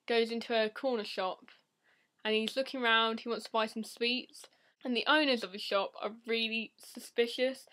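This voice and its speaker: Teenage woman, casual vlog, deadpan and silly, rambling talk, slightly high voice. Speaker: vlogger.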